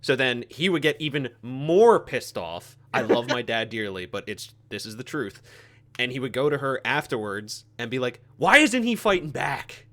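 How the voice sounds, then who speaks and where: A man co-hosting a podcast, chatting casually and joking with quick reactions. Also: mid-range voice. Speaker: podcast co-host. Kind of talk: casual chat.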